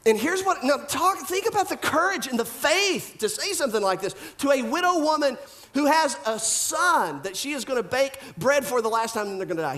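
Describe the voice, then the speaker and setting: A male pastor preaching a sermon in an animated style, full of rhetorical questions and repeated phrases. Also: very high-pitched, fairly quick.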